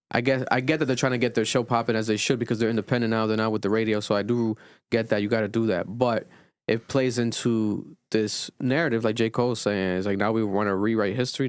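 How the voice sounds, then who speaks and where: A man co-hosting a casual podcast, thinking aloud with restarts and rising in pitch when he makes a point. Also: smooth, no echo, clean studio sound. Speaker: podcast co-host.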